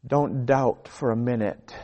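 A man preaching a sermon, emphatic, repeating phrases and letting his sentences fall to quiet, low endings. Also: measured pace.

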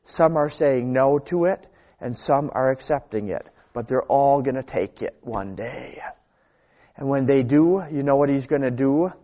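Slow, emphatic male preacher. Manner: emphatic, repeats phrases, drops to low quiet endings. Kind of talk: sermon.

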